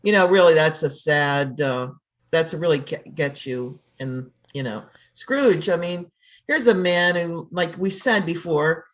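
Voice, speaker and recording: A woman co-hosting a film podcast, telling a joke in a rambling, halting way and laughing as she goes. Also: deep voice. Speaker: podcast co-host. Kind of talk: casual chat, telling a joke.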